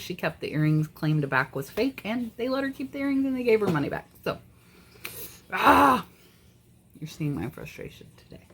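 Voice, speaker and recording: Woman, low voice, casual vlogger, frank and a bit exasperated. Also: a little hiss or hum. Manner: chatty, frank, easily exasperated. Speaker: eBay reseller. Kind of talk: casual vlog chat.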